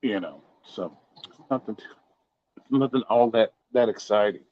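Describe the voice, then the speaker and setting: A man's voice: fairly low pitch, a little slow. Man rambling casually on a lo-fi stream. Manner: loose, profane, rambling. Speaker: live stream host. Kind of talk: casual livestream chat. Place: home bedroom. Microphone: modest home mic. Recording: dull lo-fi home stream audio.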